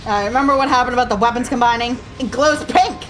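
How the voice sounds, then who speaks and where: A woman's voice: a little high, fast talker, low-quality recording. A woman hosting a reaction video, mocking a cartoon with sarcastic commentary and frequent laughter. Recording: cartoon audio and music behind.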